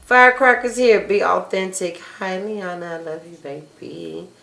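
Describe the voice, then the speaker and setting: Hosting a laid-back chat show, this woman reads live comments out loud in a fairly low, gravelly voice that sounds pushed and bright. Her pace is moderate, and she's blunt and profane, breaking into laughter often, all in an echoey room.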